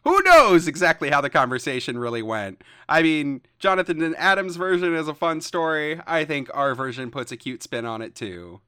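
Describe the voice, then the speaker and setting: A man hosting a podcast, narrating history in a lively storytelling way and reading out quotes. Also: a little high, moderate pace, few pauses, clean tone, no room sound, clean studio sound. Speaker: podcast host. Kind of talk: scripted narration with banter.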